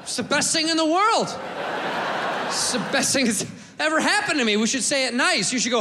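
A man doing a crude, animated stand-up set on a comedy club stage, shouting and drawling out his punchlines. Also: very high-pitched, a little fast. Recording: reverberant club hall, faint noise.

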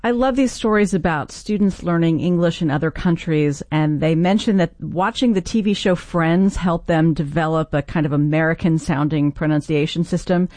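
A woman hosts the conversation and asks engaged, curious questions. Her voice is a little low, and it is recorded dry and close with no room sound. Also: moderate pace, few pauses, darkish tone, no room sound. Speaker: interview host. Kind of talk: conversational interviewing.

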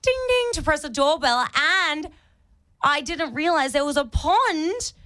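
A young woman chats on a radio show and tells a funny story from her day. Her high voice swings widely as she acts out each quote. The studio sound is close and dry. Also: a little slow, dry recording. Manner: animated storyteller acting out quotes. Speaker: radio co-host and real estate agent. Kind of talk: casual radio chat, storytelling.

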